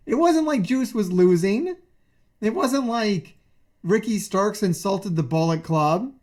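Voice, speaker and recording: Profane, excitable man ranting about wrestling. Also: high-pitched, normal speed. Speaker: streamer.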